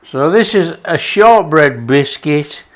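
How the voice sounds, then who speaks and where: Lively, unhurried man cooking. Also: on the high side. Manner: jokey, chatty kitchen patter. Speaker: cooking show host. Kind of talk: casual cooking demonstration.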